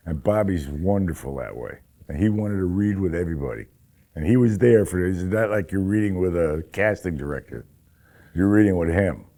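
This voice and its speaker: A man's voice: deep voice, expressive, brisk, mellow. A man, a stage actor, casually recounting an anecdote, rambling with restarts. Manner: rambling storyteller with many restarts. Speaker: actor recalling an audition.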